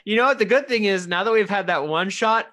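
A player in a tabletop game session, talking in an excitable way. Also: medium pitch. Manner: animated, excitable, quick to laugh.

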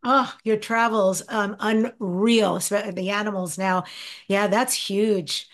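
Woman, interview host, mid-pitched, effusive, affirming. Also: steady tone, slow pace.

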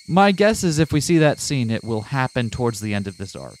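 A man's voice: mid-range voice, very animated, a little fast, rough recording. A man co-hosting a let's play, chatting casually, laughing often, and reading the game's narration aloud. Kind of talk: casual gaming chat and reading game text aloud.

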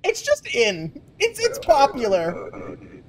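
A young man hosting a gaming channel, chatting and swearing freely through a casual let's-play with sudden excited yelps. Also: extremely high pitch, takes it slowly, a crowd in the background.

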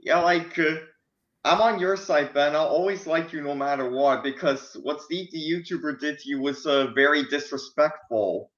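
A young man chatting casually on a stream, sounding tired and halting, with many fillers. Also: a little high, fairly bright tone. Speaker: stream co-host. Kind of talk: casual chat. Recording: lo-fi, echoey room.

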